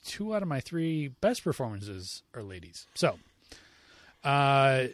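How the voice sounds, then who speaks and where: A man's voice: mid-range voice, takes it slowly, no room sound. Male host, casual movie talk, opinionated, dry close mic. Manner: opinionated, animated, repeats words. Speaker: podcast host. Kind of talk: casual movie review chat.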